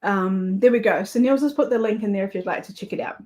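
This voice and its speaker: A fast-talking woman with a medium-pitched, dark-toned voice and a New Zealand accent hosts a craft livestream. Chatting casually with viewers as she crafts, she laughs easily.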